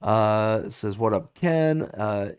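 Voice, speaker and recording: A man hosting a casual live gaming stream, telling stories with animated reactions and answering viewer chat. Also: on the low side, slow, clean tone.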